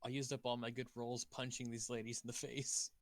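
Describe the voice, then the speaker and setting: A man's voice: mid-range voice, level tone, a little fast, dry recording. A man playing a tabletop game, casual and hesitant, often laughing between words. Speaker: player.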